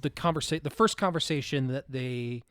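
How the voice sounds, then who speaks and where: A man's voice: mid-range voice, moderate pace, fairly bright tone, no room sound, clean studio sound. A man co-hosting a film podcast in casual chat, blunt and profane, often restarting his sentences. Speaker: podcast co-host.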